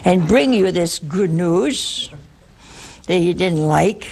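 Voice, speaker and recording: A woman voicing a stern male archangel, speaking in a measured, solemn way. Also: on the low side, expressive, gravelly, darkish tone, heavily acted.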